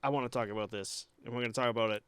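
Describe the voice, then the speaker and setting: Smooth-voiced young man, loose profane chat. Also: medium pitch, steady tone, rapid-fire, a bit bright, no echo. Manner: loose, profane, rambling with many fillers. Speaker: podcast co-host; hockey goalie. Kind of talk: casual podcast chat.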